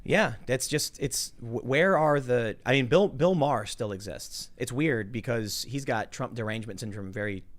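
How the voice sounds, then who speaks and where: Animated man in casual political chat. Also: mid-range voice, normal speed, hardly any pauses. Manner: animated, repeats words when building a point. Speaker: podcast host.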